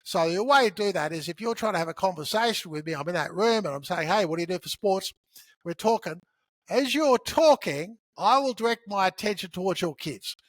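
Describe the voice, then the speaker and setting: A man on a podcast as a guest, teaching sales in an animated, conversational way and acting out bits of dialogue. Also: high-pitched, a little fast, no room sound. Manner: animated storyteller who acts out dialogue.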